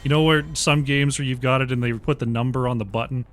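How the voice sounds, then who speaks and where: Measured male esports play-by-play caster. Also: mid-range voice, fairly even intonation, faint music behind. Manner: measured, trailing off quietly at sentence ends.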